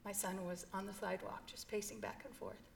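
A middle-aged woman, a guest in an interview, shares an emotional personal story earnestly and from the heart. Her voice is medium-pitched and gravelly, brisk and fairly flat in pitch, with a little hiss or hum in the background.

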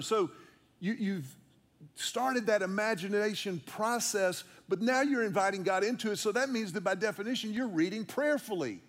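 A man's voice: high voice, moderate pace. A man preaching a conversational sermon, with playful asides and repeated words for emphasis. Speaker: pastor.

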